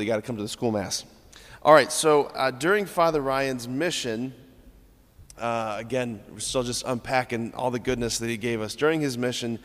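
A man preaching at mass, a Catholic priest, keeps his homily chatty and casual, frequently asking "right?" and voicing scripture passages in varied tones. The church gives his medium-pitched voice a big-room sound.

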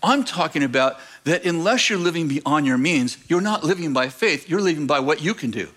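A man preaching with a high, bright, ringing voice. He tells stories with lots of animation, speaks straight to the congregation and acts out the voices in his stories. At his peaks he turns emphatic and close to shouting. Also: fairly quick. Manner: animated storytelling, rising to emphatic near-shouting; acts out quoted voices and addresses the congregation directly. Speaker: pastor. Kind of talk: sermon.

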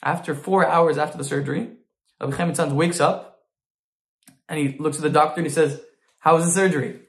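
A man's voice: on the high side, steady tone, fairly quick, vocal fry, reverberant. A man teaching a Torah lesson through an informal story, with frequent restarts and Hebrew terms.

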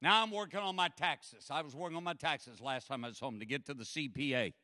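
A man's voice: a little high, fairly quick, bright, forceful tone, dry recording, clean studio sound, big-room sound. A man preaching a sermon, telling a funny story with lots of animation, acting out voices and laughing often. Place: church sanctuary.

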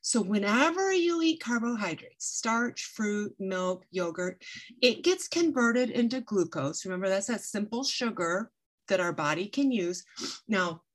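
A woman's voice: medium pitch, expressive, measured pace. A woman presenting a nutrition webinar from home, explaining with everyday analogies in a chatty, conversational way. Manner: conversational, uses "like" and "right?". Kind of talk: educational webinar talk.

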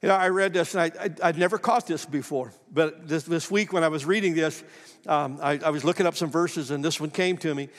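A middle-aged man preaching from the pulpit, his voice riding high and carrying through the long reverb of a church sanctuary. He tells his story folksily, pokes fun at himself and slips into the voices of the people he quotes, still nursing a lingering cough. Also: brisk. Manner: folksy, self-deprecating, acts out quoted dialogue. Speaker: pastor. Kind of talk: sermon with personal storytelling.

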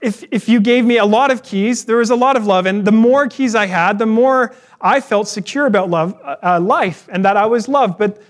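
A man preaching a sermon in a relaxed, conversational way, weaving in personal stories. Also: high-pitched. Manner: conversational, storytelling with personal anecdotes. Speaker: pastor.

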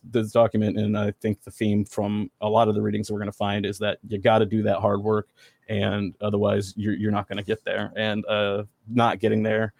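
A man speaking as a podcast guest in casual discussion, earnest and halting, with many fillers and restarts. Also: lowish voice, creaky, a little mellow, no echo.

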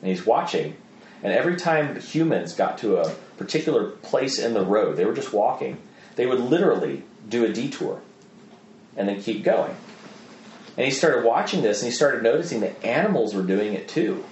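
A man speaking as a guest in a conversational interview, an animated storyteller who acts out the voices of people in his stories. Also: mid-range voice, normal speed, roomy sound, dull audio, a little hiss or hum. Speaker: guest, missionary trainer.

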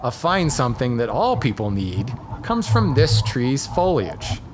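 A man from Hawaii hosts a casual podcast quiz, reading tree riddles in an animated, playful way with a voice that swoops up and down. A clear hiss of background noise sits under the whole recording. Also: mid-range voice, unhurried. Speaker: podcast host running a tree trivia quiz.

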